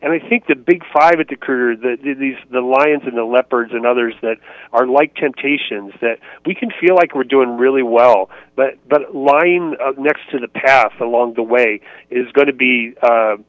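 Heard through a dry, tinny phone connection, this Indiana ministry author gives conversational answers as an interview guest. His pitch is medium, his pace normal, and there's no room sound. Earnest and reflective, he fills pauses heavily and frequently starts sentences over.

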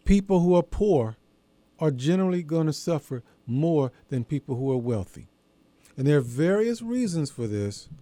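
A man hosting a religious radio program, preaching in a measured, emphatic way with deliberate pauses. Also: on the high side, sing-song, warm tone, no echo. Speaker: radio show host and preacher. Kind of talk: radio sermon.

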